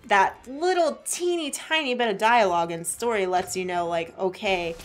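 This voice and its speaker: Woman co-host, casual let's-play chat, rambling and giggly, loose swearing, mid-pitched everyday voice. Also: normal speed, soft background music.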